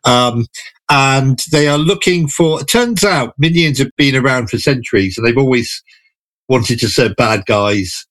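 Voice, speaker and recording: Male film reviewer, enthusiastic, chatty, mid-pitched, dry studio sound. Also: fairly bright tone, dry recording. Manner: enthusiastic, chatty, some halting restarts. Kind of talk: casual radio chat. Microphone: studio microphone.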